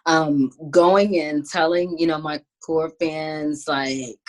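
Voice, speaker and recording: A woman, a singer and songwriter, answering interview questions over a video call in a thoughtful, relaxed way with many "um"s. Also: low-pitched, takes it slowly. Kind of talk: casual interview chat.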